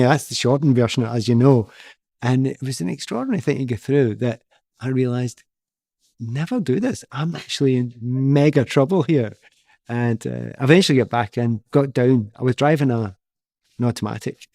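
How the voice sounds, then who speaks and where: A middle-aged Scottish man, a former footballer, telling stories in a lively, self-deprecating way. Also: mid-range voice, gravelly, no echo, clean studio sound. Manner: animated, self-deprecating, with frequent restarts. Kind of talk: casual storytelling.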